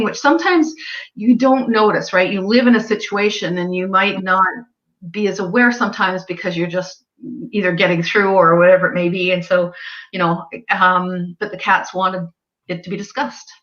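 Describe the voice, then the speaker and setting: A woman's voice: mid-range voice, steady tone, moderate pace, a bit bright. A woman chatting casually as an animal communicator, telling stories and acting out what clients said. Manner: chatty, retells conversations with quoted voices. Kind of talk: casual storytelling chat. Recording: dull lo-fi sound.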